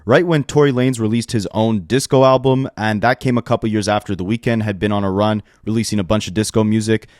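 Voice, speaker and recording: A man's voice: fairly low pitch, fairly even intonation, fast, hardly any pauses, a little mellow, dry recording. A man giving sarcastic, opinionated commentary, recorded on a close mic at home. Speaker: rap commentary YouTuber. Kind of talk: scripted commentary.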